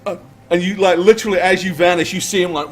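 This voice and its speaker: A man running a tabletop game as game master, narrating in a lively, joking way. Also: sits high, fast, a little hiss or hum.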